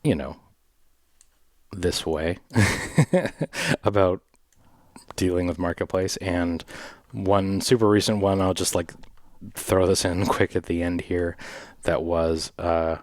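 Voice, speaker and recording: A man with a lowish voice tells a long story in a casual podcast chat, laughing often and jumping into a higher voice to act out the people in it. The sound is close and dry, with no room echo. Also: fairly even intonation, slow pace, pauses often. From Vancouver, Canada. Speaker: podcast host.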